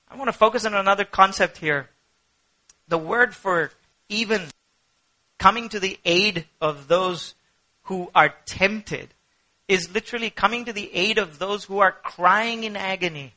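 A man preaching a sermon with passion, rising to cries and sinking to hushed prayer. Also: sits high, moderate pace, poor audio. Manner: impassioned, shifts from shouting to hushed prayer. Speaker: pastor.

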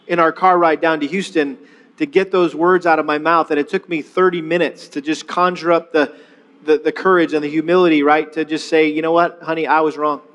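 Pastor, male, middle-aged: a high, talky sermon voice full of restarts and call-and-response, recorded in a big reverberant sanctuary. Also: a bit bright. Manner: leads the congregation in call-and-response repetition; conversational, with frequent restarts and rhetorical questions. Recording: long reverb of a large hall.

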